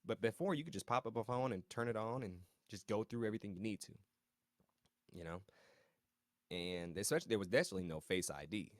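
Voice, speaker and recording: At a quick pace, a low-voiced man recaps a TV episode casually, tossing in slang and side comments for his viewers. He chuckles here and there in reaction, and the recording stays dry and close, free of room echo.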